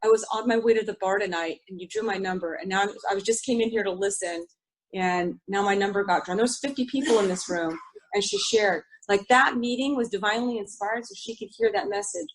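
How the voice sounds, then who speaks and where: Her mid-range voice moves fairly quickly on a low-quality recording as this middle-aged woman speaks openly at a recovery group meeting. The share is frank and confessional, with free swearing and frequent restarts.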